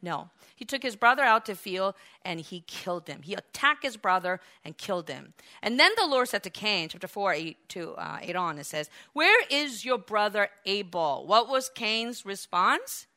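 A woman preaching a sermon, acting out the quoted biblical figures with lively, raised delivery. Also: moderate pace, hardly any pauses. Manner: animated, acts out biblical quotes with raised pitch and volume.

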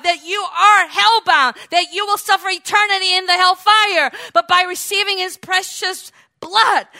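A woman preaching a fervent sermon, leading the congregation in call-and-response and rising to loud cries of praise. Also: very high voice.

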